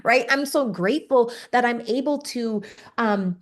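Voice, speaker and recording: A woman's voice: fairly high pitch, a little slow. Woman from Canada telling her story openly. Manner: candid, emotional storytelling with lively swings. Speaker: podcast guest, speaker and entrepreneur. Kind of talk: casual interview talk.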